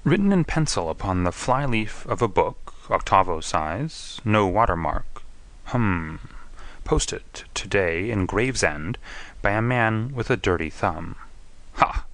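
A man reading an audiobook, voicing a keen, precise detective who reasons aloud in a crisp, deliberate manner. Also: fairly low pitch, animated, fairly bright tone, no echo. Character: keen, precise male detective, middle-aged.

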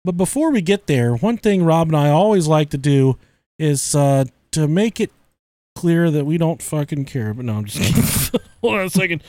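A man's voice: fairly high pitch, lively intonation, normal speed, a little mellow, no room sound. A young adult man hosting a podcast, joking crudely and swearing often, with frequent laughter. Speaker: podcast host. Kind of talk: casual podcast banter.

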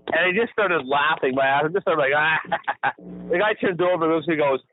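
Over tinny, phone-like audio, an Ontario man co-hosting a podcast talks quickly in a voice on the high side. It's casual chat full of profanity, frequent laughter, and animated storytelling.

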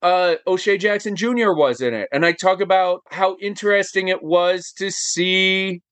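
A man talking as a podcast guest in casual chat, animated and emphatic, firing off rhetorical questions. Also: high-pitched, moderate pace, no room sound.

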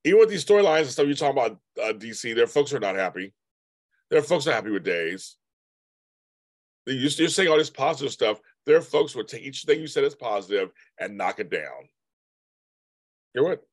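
A man's voice: medium pitch, very animated, fairly quick, pauses often, no room sound. A man hosting a casual livestream, rambling and repeating himself as he chats with viewers and answers their comments. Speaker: livestream host. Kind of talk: casual live-stream chat reading viewer comments.

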